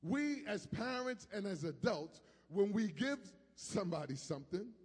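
A male pastor, preaching a sermon that swings from soft asides to shouted peaks. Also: sits high, big pitch swings, normal speed, few pauses, slightly rough. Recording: long hall reverb.

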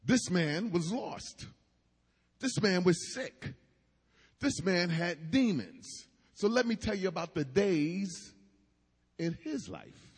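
Man preaching, high voice, swooping pitch, call-and-response asides. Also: very animated, slow pace, long pauses, breathy edge, long reverb tail. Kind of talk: sermon.

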